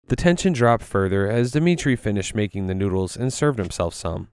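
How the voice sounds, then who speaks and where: A man reading a first-person story aloud while playing a video game, in a steady storytelling manner. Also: fairly low pitch, moderate pace, clean tone, no room sound. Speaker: story narrator.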